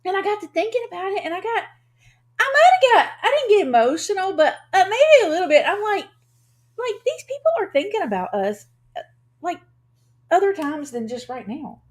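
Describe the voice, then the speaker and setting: A woman's voice: very high-pitched, sing-song, normal speed. A woman co-hosting a casual live stream, chatty and giggly, reading out viewer names.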